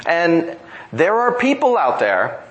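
A man's voice: a little high, huge pitch swings, slow, dull audio. A man preaching a sermon in an earnest, emphatic way, driving points home through repetition. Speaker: pastor.

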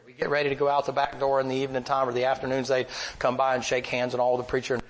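An older man preaching a folksy, animated sermon full of stories. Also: medium pitch, very fast. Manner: folksy, animated, acts out voices. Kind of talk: sermon with storytelling.

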